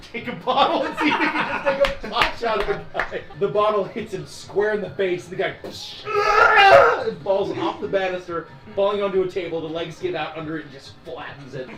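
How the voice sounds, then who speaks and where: A man narrating a tabletop game as dungeon master, animated and often laughing. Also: high voice. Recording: echoey room with music.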